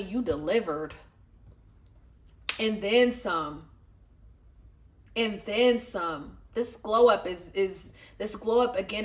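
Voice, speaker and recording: A woman giving a casual tarot reading to her viewers, excitable, swearing freely and laughing often. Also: medium pitch. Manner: excitable, profane, talks straight to viewers. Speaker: tarot reader.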